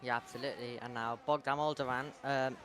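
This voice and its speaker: A man giving race analysis as co-commentator on a sim racing broadcast, talking quickly and using lots of filler words. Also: medium pitch, fairly even intonation, fairly bright tone, a little hiss or hum. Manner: rapid, filler-heavy analysis.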